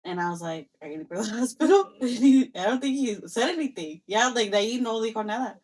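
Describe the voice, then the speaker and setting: A woman's voice: fairly high pitch, fast talker. Chatty young woman telling a story. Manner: animated storyteller, acts out quoted exchanges, mixes in Spanish phrases. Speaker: podcast co-host. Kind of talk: casual storytelling chat.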